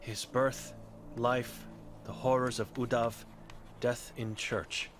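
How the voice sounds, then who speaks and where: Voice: medium pitch, level tone, slow pace, a little hiss or hum, close to an everyday voice. A game voice actor playing an old blind, mute woman who speaks in grim, clipped fragments. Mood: guilt-ridden. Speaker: game character.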